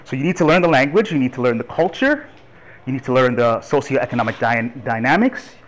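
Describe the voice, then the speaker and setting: A man in his thirties from Toronto gives a lively, chatty church talk on urban ministry and laughs along with the congregation. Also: medium pitch, fairly quick, a little hiss or hum, low-quality recording. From Toronto, Canada. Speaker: guest speaker on urban ministry.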